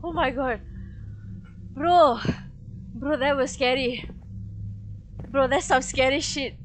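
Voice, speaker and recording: A woman's voice: sits high, slow pace, a little hiss or hum. Shrieking frightened gamer woman. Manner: slangy casual talk. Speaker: gamer streamer. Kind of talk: horror game playthrough commentary. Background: eerie game music.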